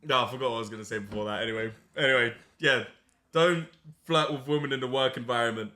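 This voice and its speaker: A young man hosts a loose, casual podcast chat in a bright, forceful voice. He tells his stories haltingly, with frequent laughter and plenty of restarts. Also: mid-range voice. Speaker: podcast host.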